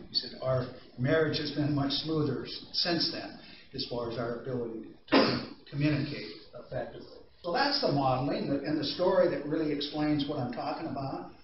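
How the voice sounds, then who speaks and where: A man's voice: mid-range voice, a little hiss or hum. A man giving an anger-management training talk to a group, explaining ideas in a conversational way and telling stories with asides to the audience. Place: training room. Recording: distant echoey room mic, slightly dull.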